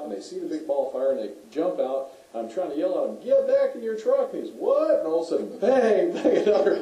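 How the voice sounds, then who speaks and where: A man's voice: mid-range voice, warm tone, echoey room, recorded from a distance, rough recording. A middle-aged man, a former police officer, telling rambling, folksy stories to a community audience, full of restarts and fillers. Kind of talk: storytelling speech to a community audience.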